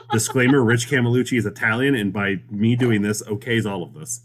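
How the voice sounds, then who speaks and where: A man co-hosting a casual podcast, his voice riding up and down with lively swings as he jokes. He laughs often and swears without a second thought. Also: mid-range voice, normal speed. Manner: laughing, joking, swearing freely. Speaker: podcast co-host. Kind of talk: casual chat.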